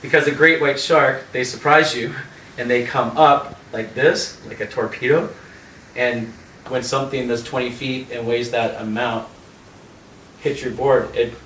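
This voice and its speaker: Man from Canada, animated storyteller, roomy distant video-call sound, faint background hiss. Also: mid-range voice, measured pace. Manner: animated storyteller acting out voices, laughing often. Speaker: yoga teacher and host.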